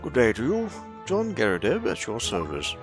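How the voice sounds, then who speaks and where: A man's voice: medium pitch, wildly swooping pitch, normal speed, music in the background. A man voicing a retired old English soldier with a put-on posh accent, hearty and blustering.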